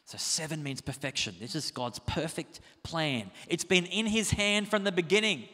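A man preaching a sermon as pastor, animated and conversational, asking the congregation rhetorical questions. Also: on the high side, moderate pace, big-room sound.

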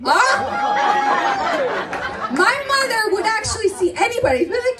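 A woman's voice: extremely high pitch, normal speed, pauses often, distant mic, over a noisy crowd, very noisy. A middle-aged woman doing a stand-up comedy set, brash and profane, acting out her family in the telling. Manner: animated, brash, profane, acts out family members. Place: comedy club stage. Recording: live club, mic heard from afar, audience laughter. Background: audience laughter.

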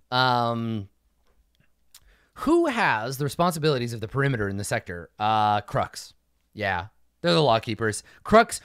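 A man running a casual livestream Q&A as game master, blunt and profane, tossing off quick mock dialogues. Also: mid-range voice, a bit bright, smooth, no echo, clean studio sound. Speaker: game master answering fan questions.

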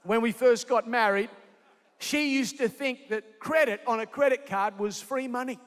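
Energetic high-voiced pastor. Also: male voice, moderate pace. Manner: energetic, jokey, calls out to the crowd. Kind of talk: sermon. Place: large convention centre. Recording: echoey convention hall.

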